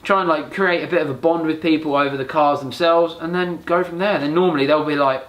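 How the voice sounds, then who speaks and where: Fast-talking man, roomy sound. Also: fairly high pitch. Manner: animated storyteller who acts out quoted dialogue. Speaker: podcast guest. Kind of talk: casual podcast chat. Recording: roomy echoey recording.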